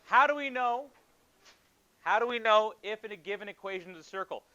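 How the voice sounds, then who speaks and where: A male math teacher with a bright, fairly high voice leads a lively classroom lesson. He asks students questions and jokes with them between steps. The recording is dull and lo-fi. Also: a little fast. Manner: playful, joking with students.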